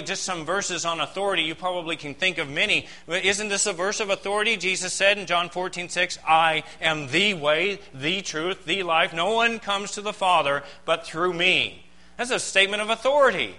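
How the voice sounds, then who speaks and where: Bright-voiced man preaching emphatically. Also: fairly high pitch, rough recording. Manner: emphatic preaching with dramatic pauses and rhetorical questions. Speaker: pastor. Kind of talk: sermon.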